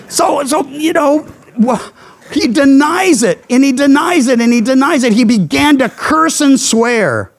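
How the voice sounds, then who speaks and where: Man, pastor, higher-pitched voice, earnest expository sermon, emphatic, phrases sinking low at the end. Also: expressive, measured pace, vocal fry.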